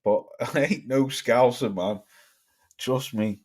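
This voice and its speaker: A man's voice: mid-range voice, takes it slowly, slightly rough. A man from northern England with a northern accent, hosting a casual livestream, reading viewer comments aloud, swearing and laughing a lot. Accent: northern English. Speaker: livestream host reading chat. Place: home, living in the Midlands.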